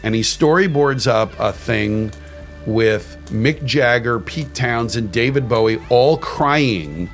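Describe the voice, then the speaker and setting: A man's voice: mid-range voice, soft background music. A man, a former media executive, telling an anecdote bluntly and animatedly. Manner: animated, blunt, speeds up and slows down. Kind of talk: casual anecdote.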